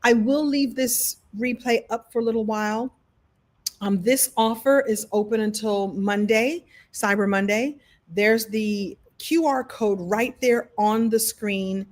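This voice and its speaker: Playful, animated woman hosting a live stream. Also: a little high, measured pace. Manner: animated, playful, laughs often. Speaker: story coach hosting a live session. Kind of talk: live-stream talk to viewers.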